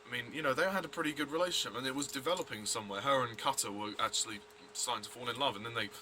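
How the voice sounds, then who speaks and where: A man's voice: mid-range voice, racing, background noise. A man giving a blunt, rambling review of a TV episode, full of fillers and restarts. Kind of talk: casual review vlog.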